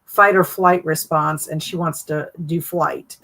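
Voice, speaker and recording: A woman's voice: low voice, fairly even intonation, takes it slowly, gravelly, fairly bright tone, rough recording. A middle-aged woman with a Southern US accent, chatting casually and greeting viewers by name on a live stream. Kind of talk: casual live stream chat, reading chat comments aloud.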